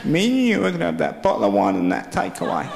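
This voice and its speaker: In an archived clip from a live comedy venue, a stand-up comedian tells a story and cheekily acts out his own drunk self-talk. His voice is on the high side, sing-song, fast and creaky. Heavy background noise, a roomy space and loud crowd laughter fill the recording.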